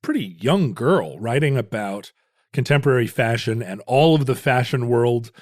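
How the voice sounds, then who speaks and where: A man's voice: medium pitch, lively intonation, moderate pace, dry recording, clean studio sound. A man co-hosting a podcast, chatting in a musing, playful way. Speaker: podcast co-host. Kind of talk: casual chat.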